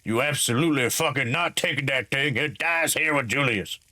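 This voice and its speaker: A man voicing a gruff, protective middle-aged father in a game read-aloud, blunt and growling. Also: mid-range voice, brisk, pushed and bright, no room sound. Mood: fierce.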